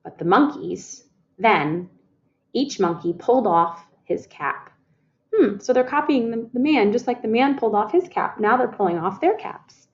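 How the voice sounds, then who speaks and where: A woman reading a picture book aloud to children, expressive, calling her listeners "friends" and asking them questions. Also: fairly high pitch, moderate pace, dull audio. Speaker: storytime reader.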